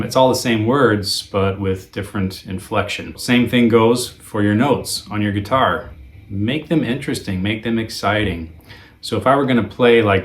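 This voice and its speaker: A man teaching a guitar lesson in a relaxed, conversational way, with frequent ums and uhs. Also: fairly low pitch. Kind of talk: video lesson.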